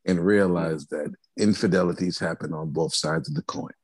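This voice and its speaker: A man's voice: low-pitched, steady tone, normal speed, breathy edge, no room sound. A man co-hosting a podcast in casual, playful chat, laughing often. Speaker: podcast co-host.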